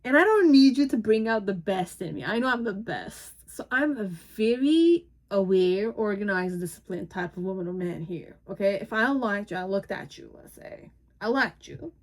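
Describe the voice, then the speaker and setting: Woman, tarot reader, casual reading, middle pitch, rambling, self-correcting, amused, speaks as the subject of the cards. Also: expressive, moderate pace. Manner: speaks in first person as the person the cards describe; loose and rambling, with frequent hesitations and self-corrections.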